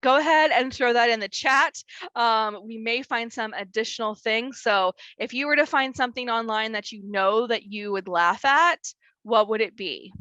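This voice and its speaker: A woman's voice: fairly high pitch, normal speed, sharp tone, no echo, dull audio. A young woman presenting an online wellness workshop in a chatty way, with many fillers and easy laughter.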